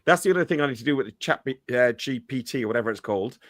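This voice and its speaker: A man's voice: mid-range voice, lively intonation, rapid-fire, no echo. A man with an Irish accent co-hosting a football podcast in casual chat, hesitant and full of ums and restarts. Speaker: podcast co-host.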